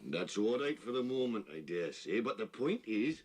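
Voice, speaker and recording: A man's voice: lowish voice, big pitch swings, moderate pace, slightly rough. A man voicing a practical, doubtful railwayman in a classic cartoon.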